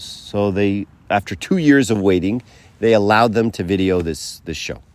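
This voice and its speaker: A man's voice: lowish voice, no room sound. A man giving a casual spiritual talk to a group, telling stories with lots of "right?" and "you know". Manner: conversational, many fillers and asides like "right?"; tells stories by acting out quotes. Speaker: speaker giving a faith talk.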